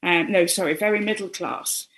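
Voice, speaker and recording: A woman's voice: fairly low pitch, fairly even intonation, moderate pace, fairly bright tone. A woman from northern England, her northern accent mostly lost, chatting as a guest on a talk show with frequent ums and restarts. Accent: softened northern English, mostly lost. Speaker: guest speaker. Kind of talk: casual chat on a talk show.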